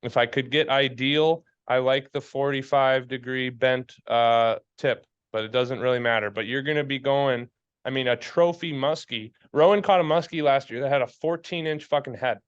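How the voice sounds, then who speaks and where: A blunt, fired-up man talks gear on a podcast, swearing freely as he preaches. His voice is smooth and resonant, sitting at an ordinary male pitch. The audio is dull and a bit lo-fi. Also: fairly even intonation, normal speed. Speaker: podcast co-host, fly fishing guide. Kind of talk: casual chat.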